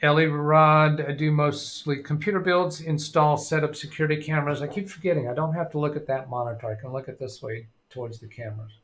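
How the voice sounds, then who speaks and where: A middle-aged man hosts a casual live tech stream, rambling as he reads chat aloud. He thinks out loud and fills pauses with ums and uhs. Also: on the high side, steady tone, slight background noise.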